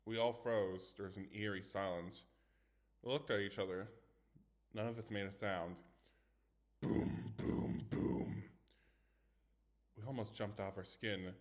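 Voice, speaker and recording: A man's voice: fairly low pitch, fairly even intonation, normal speed. A man reading a scary story aloud in first person, dramatic, with small stumbles. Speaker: story reader.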